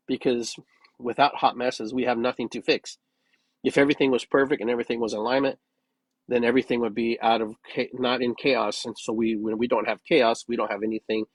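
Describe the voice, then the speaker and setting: A man's voice: medium pitch, husky, no room sound, poor audio. A man hosting his own podcast, talking through his thoughts in an earnest, musing way and repeating phrases with changing inflection. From United States. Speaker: podcast host. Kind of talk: reflective solo podcast monologue.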